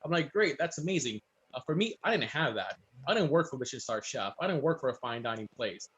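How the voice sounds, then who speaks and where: A man's voice: medium pitch, dull audio. A man, a guest chef, telling stories in casual chat and acting out quoted voices. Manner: fast, storytelling, animated quotes.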